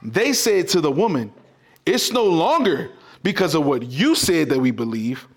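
High, lively-voiced preaching pastor. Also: male voice, normal speed, husky. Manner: emphatic, repetitive preaching with sudden swings in loudness. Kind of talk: sermon.

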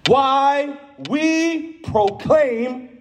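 A man. He moves from soft, low teaching into loud call-and-response shouts. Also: very slow, faint music behind. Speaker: preacher. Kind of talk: sermon.

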